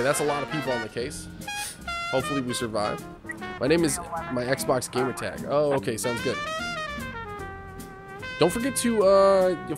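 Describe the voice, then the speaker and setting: A man chats casually while playing a game, reading the on-screen text aloud and asking his viewers to help him choose. His voice sits at an ordinary middle pitch, and game music plays clearly behind him. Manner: chatty, reads game text aloud, asks the chat for help. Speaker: game streamer. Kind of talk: casual gameplay commentary.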